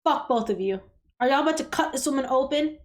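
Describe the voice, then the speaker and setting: A woman hosts a reaction video, speaking fast in a high-pitched, expressive voice. She talks bluntly straight to the screen, swearing freely and reacting emotionally with frequent exclamations and gasps.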